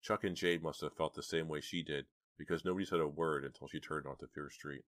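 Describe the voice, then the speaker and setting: Audiobook narrator, man, very deep voice, dry close sound. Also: steady tone, a little fast, fairly bright tone, no echo.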